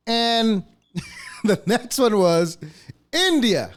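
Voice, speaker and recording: A man's voice: high-pitched, huge pitch swings, drawn-out words, pauses often, clear, resonant tone. A man hosting a podcast, ranting casually in a profane, mocking way. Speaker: podcast host. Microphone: podcast mic.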